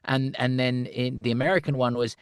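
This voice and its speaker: A middle-aged man, a voice actor, chatting in an interview as an animated storyteller who laughs often and slips into character voices. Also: mid-range voice, a little fast, smooth, no room sound, studio quality. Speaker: voice actor, guest. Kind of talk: casual interview chat.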